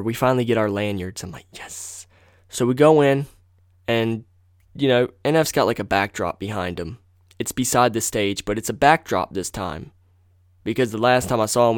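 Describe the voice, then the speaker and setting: Young guy podcasting, kinda low smooth voice, swears a lot, rambles and backtracks, dry close sound. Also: no room sound. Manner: rambling, profane, self-correcting. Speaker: podcast host. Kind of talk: casual storytelling monologue.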